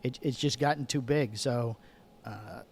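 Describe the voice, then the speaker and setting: A man's voice: mid-range voice, a little slow, gravelly, breathy edge. A middle-aged man from Michigan telling a rambling story as a podcast guest, correcting himself as he goes. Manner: rambling, self-correcting, chatty. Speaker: guest, cigar sales manager. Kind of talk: casual storytelling.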